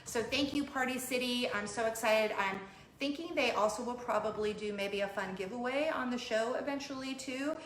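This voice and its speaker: A woman's voice: fairly high pitch, normal speed, fairly bright tone. A middle-aged woman hosting a casual chat vlog, bubbly and giggly as she chats about parenting. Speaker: host, mother. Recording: roomy room with faint hum.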